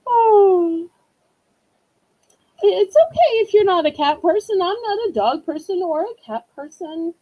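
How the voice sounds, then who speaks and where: A woman's voice: very high-pitched, sing-song, takes it slowly, pauses often, warm tone, low-quality recording. A woman with a Southern US accent running a live online auction, chatty and playful, teasing herself as she sells. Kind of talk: live-stream auction chat.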